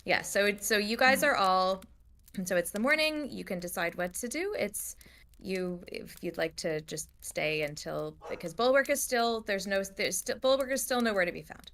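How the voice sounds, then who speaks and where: A woman's voice: mid-range voice, expressive, normal speed, fairly bright tone. A woman narrating as game master, casual and often restarting her sentences.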